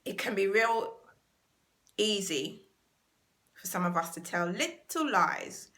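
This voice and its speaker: Bright-voiced earnest British woman. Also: medium pitch, animated, takes it slowly. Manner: earnest, emphatic, repeats key words. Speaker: self-help channel host. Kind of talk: motivational talk to camera.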